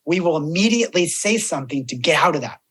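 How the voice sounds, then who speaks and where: This podcast guest, a death doula, has a husky, slightly high voice and talks at a quick pace. The chat is casual, and as an animated storyteller he acts out the voices of those he quotes.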